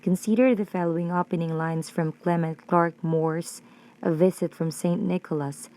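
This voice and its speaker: A woman with a Filipino accent reading a prepared lesson on poetry, slow and careful. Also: lowish voice, fairly even intonation, dark tone. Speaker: student presenter.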